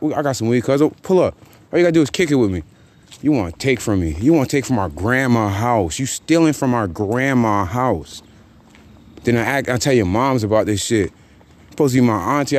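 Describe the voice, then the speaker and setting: A man hosting a podcast, venting in a casual, animated rant full of profane street slang. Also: medium pitch. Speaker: podcast host.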